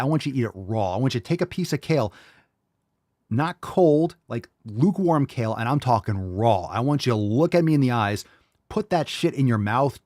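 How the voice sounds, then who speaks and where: A man's voice: medium pitch, darkish tone, dry recording, studio quality. A man hosting a live podcast who rants bluntly and profanely and mocks his listeners' excuses in put-on voices. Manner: mocking impressions of listeners. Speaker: podcast host.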